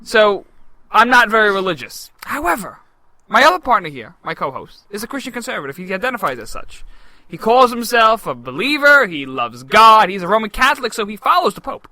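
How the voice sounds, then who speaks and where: A man's voice: high voice, sing-song, sharp tone, no room sound, low-quality recording. A young adult man co-hosting a political podcast, brash and joking in casual banter. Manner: brash, joking, quick talker. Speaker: podcast co-host.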